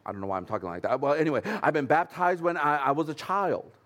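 A man's voice: on the high side, sing-song, fast talker, fairly bright tone. Man preaching a conversational sermon. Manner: earnest, conversational preaching with humorous asides. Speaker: pastor.

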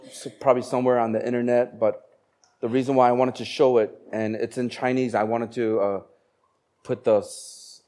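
A man preaching a sermon as a pastor, slowing down to stress key phrases and growing animated when he tells stories. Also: fairly low pitch. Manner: animated storytelling, bursts of laughter and acted voices; slows down for emphasis on key phrases.

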